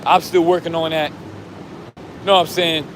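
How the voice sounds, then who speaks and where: A man vlogging outdoors who rambles in street slang and keeps saying "you know what I'm saying", while he is losing his voice and going hoarse. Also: a little high, flat delivery, a little slow, noisy background. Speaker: vlogger and self-styled life coach. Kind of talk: casual monologue to camera.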